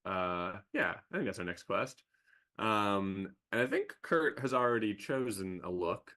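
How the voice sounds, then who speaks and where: Woman, from Canada, game host, lively intonation, encouraging. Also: extremely low pitch, unhurried. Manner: guiding, encouraging, laughs easily. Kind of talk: tabletop game livestream chat.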